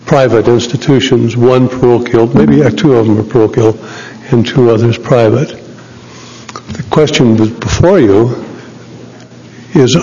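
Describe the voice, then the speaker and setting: Measured man speaking in a reverberant chamber. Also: mid-range voice, a little mellow. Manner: measured, deliberate, with pauses and restarts. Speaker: state legislator. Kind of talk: formal floor debate speech. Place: legislative chamber. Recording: dull audio with long chamber reverb.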